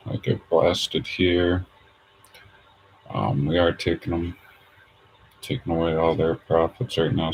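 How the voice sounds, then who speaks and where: Guy with a deep gravelly voice muttering through his trades, slow and full of ums. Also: darkish tone, slight background noise, low-quality recording. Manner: hesitant, many fillers, thinks aloud. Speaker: day trader streaming his charts. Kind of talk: casual thinking-aloud commentary.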